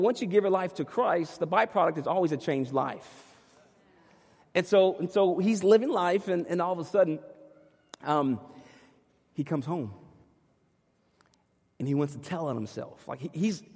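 A man's voice: high voice, a little mellow, husky, in a large hall. A man preaching a sermon as a pastor, telling a story conversationally and acting out his dialogue with his young son. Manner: conversational, with many restarts.

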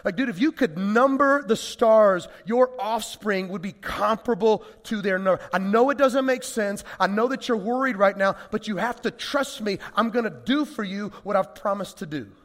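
A man's voice: high voice, moderate pace, hardly any pauses, lightly acted. A man voicing God, speaking urgently and reassuringly in a sermon retelling. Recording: long reverb of a large hall.

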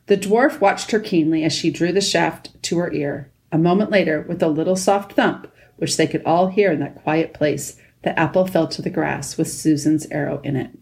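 A woman narrating a children's storybook at a steady pace. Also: low voice, normal speed, hardly any pauses. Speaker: audiobook narrator.

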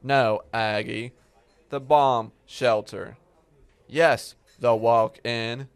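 Man as grumpy old diner manager, gruff, dismissive, flat slow drawl, smooth voice. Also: mid-range voice, no echo. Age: older. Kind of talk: amateur comedy sketch acting.

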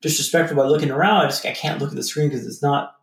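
A man's voice: fairly high pitch, fairly even intonation, fast talker, vocal fry, roomy sound. A man talking casually on a video call as a podcast guest, rambling loosely with lots of fillers. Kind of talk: casual reflective storytelling.

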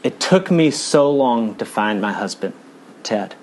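A man's voice: mid-range voice, lively intonation, unhurried, slight background noise, close to an everyday voice. A man voicing a frightened young 1950s mother in labor, pleading and strained. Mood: resigned.

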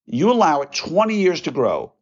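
A man's voice: on the high side, wildly swooping pitch, moderate pace, highs cut off. A man hosting his own podcast, talking casually and folksily while working through numbers aloud. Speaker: podcast host, orthodontist. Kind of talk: casual solo podcast monologue.

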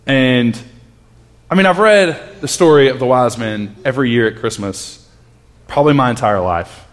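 A man in his thirties preaching a conversational sermon, telling a personal story earnestly with frequent restarts and dropping to a hush at tender moments. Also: mid-range voice, animated, normal speed. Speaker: pastor.

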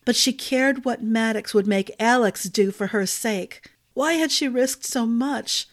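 A woman storyteller reading a fantasy novel aloud, measured and expressive. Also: fairly high pitch. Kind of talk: audiobook narration.

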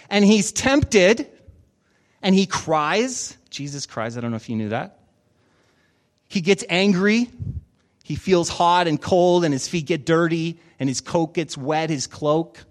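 A man preaching a sermon as pastor, telling stories in an animated way and acting out the voices of the people in them. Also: high voice. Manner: animated storytelling with acted-out voices.

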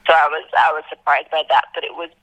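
Here a young woman from Antigua, Caribbean, a travel blogger appearing as an interview guest, talks at a quick pace and lively acts out quoted remarks with large pitch shifts. The sound is muffled, with no room sound.

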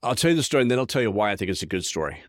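A man's voice: lowish voice, very animated, rapid-fire, dry recording, clean studio sound. A man hosting a podcast, telling stories in an earnest, enthusiastic, casual way. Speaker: podcast host. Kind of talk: casual storytelling monologue.

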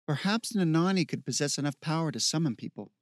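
A man's voice: a little high, lively intonation, quick pace, dry recording, clean studio sound, natural voice. A man voicing a stern, fierce young woman warrior who talks in a commanding, intense way. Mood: calm.

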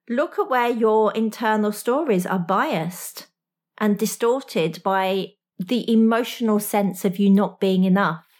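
A woman's voice: medium pitch, darkish tone. A woman speaking directly to the listener in a motivational talk as a coach, frank and slangy, with small laughs.

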